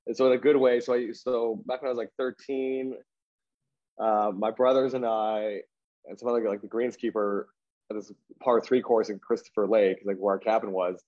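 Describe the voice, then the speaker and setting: A man's voice: fairly low pitch, level tone, moderate pace, a little mellow, dull audio. A man telling a story in casual chat, rambling with lots of "like" and restarts, laughing at himself.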